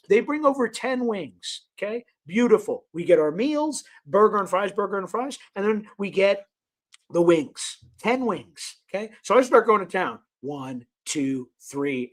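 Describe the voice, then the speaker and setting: A man's voice: animated, normal speed. A man hosting a sports talk show, telling an exasperated story in casual banter. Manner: exasperated, swings from low mutters to loud outbursts. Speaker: host.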